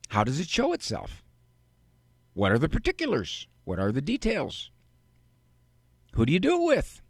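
A man hosting a call-in advice radio show, teaching in a deliberate way and firing off rhetorical questions. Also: fairly high pitch, creaky, a bit bright, no echo, clean studio sound.

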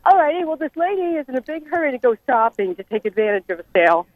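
A woman's voice: sits high, sing-song, fast talker. A woman caller from Arizona telling a joke on a radio call-in show, chatty and upbeat. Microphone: telephone. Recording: tinny phone line.

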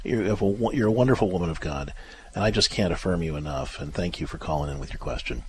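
A man hosting a call-in radio advice show, gentle and reassuring, his voice often dropping softer at the ends of phrases. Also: deep voice, quick pace, slight background noise. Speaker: radio show host and counselor.

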